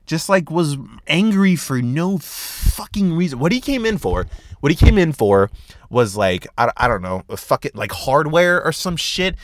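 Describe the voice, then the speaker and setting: A young man hosting a solo podcast, rambling casually in a profane, slangy and animated way. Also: mid-range voice, dry recording. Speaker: podcast host.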